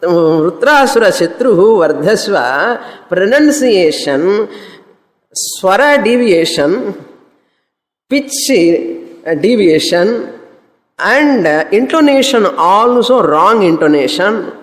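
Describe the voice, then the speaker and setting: A woman's voice: fairly high pitch, big-room sound. A woman teaching a scripture class, explaining Sanskrit verses word by word, repeating terms and slipping into Tamil. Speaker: Vedanta teacher.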